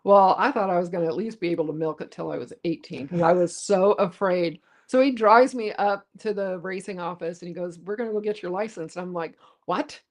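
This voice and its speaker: Female podcast co-host: lowish voice, easygoing and rambling, casual storyteller. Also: brisk, hardly any pauses. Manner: relaxed, rambling personal storytelling.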